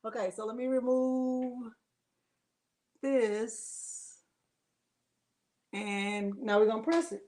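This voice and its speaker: A woman's voice: fairly high pitch, steady tone, slow, long pauses, a little mellow, a little hiss or hum. A woman hosting a live crafting demonstration from her home craft space, chatty, laughing often and talking straight to her viewers. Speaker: craft livestream host.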